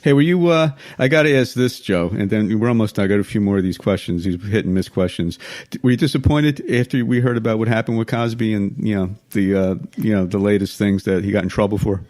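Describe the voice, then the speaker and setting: A man's voice: fairly low pitch, fast, few pauses, a little mellow, no room sound. A man hosting a podcast, asking hesitant questions in casual chat with many fillers. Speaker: podcast host.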